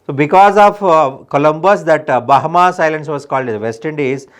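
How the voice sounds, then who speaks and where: Indian-accented man lecturing, smooth and emphatic. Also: on the high side, brisk. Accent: Indian English. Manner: repetitive, emphatic, frequent "right?" checks. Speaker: teacher. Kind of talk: exam revision lecture.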